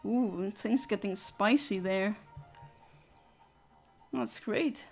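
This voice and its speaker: A woman chatting casually with her viewers during a game livestream, rambling and answering chat. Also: medium pitch. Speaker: streamer.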